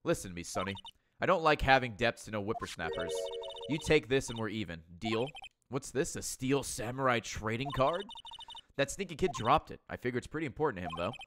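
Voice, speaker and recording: A man's voice: mid-range voice, big pitch swings, fairly quick, background noise, close to an everyday voice. A man voicing a cranky, violent old woman who wheezes and huffs between words. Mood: gruff.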